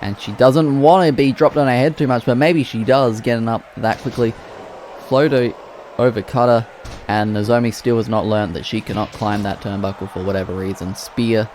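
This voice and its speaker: A man giving play-by-play commentary on wrestling matches, excitable and breaking into loud exclamations. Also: mid-range voice, normal speed, slight background noise.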